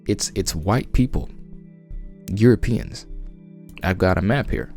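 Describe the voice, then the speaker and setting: A man's voice: low voice, lively intonation, takes it slowly, vocal fry, darkish tone, faint music behind. A man with a Southern US accent giving an emphatic, conversational Bible teaching as a podcast host. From United States. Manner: emphatic, insistent, frequent restarts.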